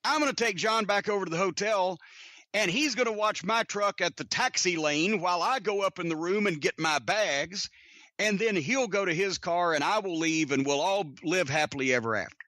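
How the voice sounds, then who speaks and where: A man's voice: high-pitched, normal speed, sharp tone, dry recording, studio quality. A man hosting a podcast, telling rambling anecdotes in a casual, profane way. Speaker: podcast host. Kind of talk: casual storytelling.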